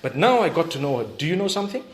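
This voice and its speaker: A man's voice: on the high side, big pitch swings, rapid-fire. A male preacher telling a story in a sermon, talking conversationally and animatedly, with frequent asides to his audience. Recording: echoey hall, faint background noise.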